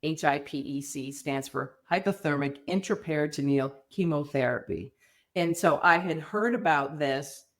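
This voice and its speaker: A middle-aged woman, a podcast guest, telling her story candidly in an animated, emphatic way. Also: low-pitched, moderate pace. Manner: animated, emphatic, acts out quoted people.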